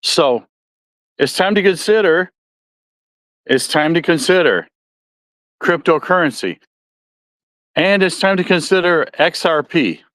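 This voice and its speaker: A man with a Midwestern American accent hosts a solo podcast, chatting in a rambling, folksy way and frequently correcting himself. His voice is on the high side and a bit bright, with a measured pace and frequent pauses, in a dry recording.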